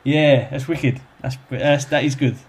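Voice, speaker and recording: A man's voice: mid-range voice, fairly even intonation, a little slow, slight background noise. A young man, a podcast guest chatting casually and rambling with lots of fillers and restarts. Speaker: football club kit man, podcast guest. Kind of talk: casual chat, storytelling.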